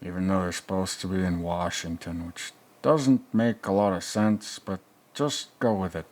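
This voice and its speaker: A man's voice: low-pitched, steady tone, moderate pace, a little mellow, natural voice. A man playing a crude, rambling older male movie reviewer who mutters sarcastic asides in a comedic reaction commentary.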